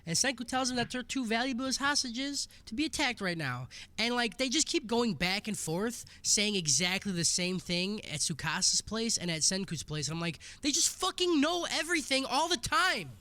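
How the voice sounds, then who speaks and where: A man's voice: extremely high pitch, sing-song, normal speed, hardly any pauses, sharp tone. A man co-hosting a casual podcast, recapping anime episodes with crude jokes and lots of swearing. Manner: crude, joking, swears a lot.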